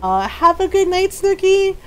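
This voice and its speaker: A woman with a high, light voice chats casually on her live stream, telling a story in an animated way. She laughs often between lines, and her talk stays loose and conversational. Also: unhurried, rough recording. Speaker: game streamer.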